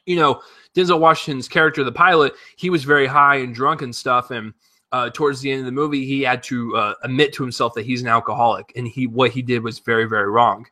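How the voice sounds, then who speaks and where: A man giving a casual spoken movie review, animated and profane, rambling with lots of fillers and restarts. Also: medium pitch, fast. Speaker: film reviewer.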